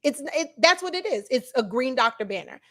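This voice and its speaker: Chatty, lively woman hosting a livestream. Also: sits high, a little fast. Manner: chatty, animated, addresses viewers as y'all, laughs easily. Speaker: livestream host. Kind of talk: casual livestream reaction chat.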